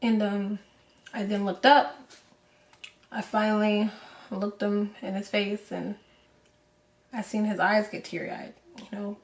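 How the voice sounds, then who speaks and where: A young woman vlogger telling a personal story to the camera in an emotional, halting way, full of fillers. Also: mid-range voice, flat delivery, gravelly. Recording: roomy echo, voice from a distance.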